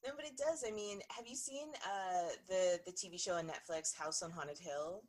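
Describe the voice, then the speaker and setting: A woman chatting on a podcast, thoughtful and easygoing, with soft "um"s between thoughts. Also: lowish voice, moderate pace. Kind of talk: casual podcast chat.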